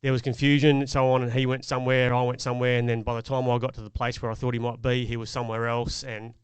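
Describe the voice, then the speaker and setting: A man's voice: medium pitch, level tone, fast talker, smooth, no room sound. Man, middle-aged, earnest reflective storytelling, casual podcast chat, resonant voice. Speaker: podcast co-host.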